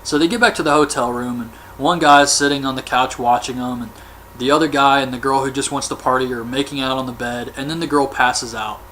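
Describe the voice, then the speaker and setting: A man's voice: mid-range voice, fairly even intonation, brisk, pushed and bright, slight background noise. A man recapping a horror film in a casual, offhand way, as a movie reviewer. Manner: chatty, offhand, colloquial.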